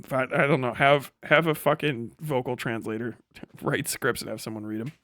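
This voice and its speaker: A man's voice: mid-range voice, moderate pace, sharp tone, no echo. Sweary Midwestern man with a dry close mic. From Wisconsin. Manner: blunt, sweary, laughs mid-sentence. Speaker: live streamer. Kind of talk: casual profane rant reacting to a video.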